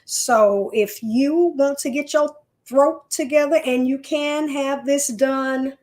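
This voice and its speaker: A woman's voice: high-pitched, slow, darkish tone. A woman hosting a live stream in a chatty, folksy way, talking straight to her viewers. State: leg pain. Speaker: host. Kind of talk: casual live-stream chat.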